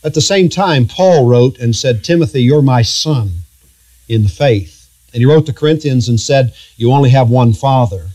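A middle-aged man pastoring a church, preaching a sermon in an earnest, halting, confessional way with frequent restarts. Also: medium pitch, darkish tone.

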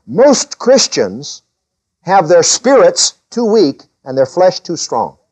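A man preaching a sermon as a pastor, reading scripture in a lifted voice and dropping low to explain it. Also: very animated, takes it slowly, a little mellow, husky, poor audio.

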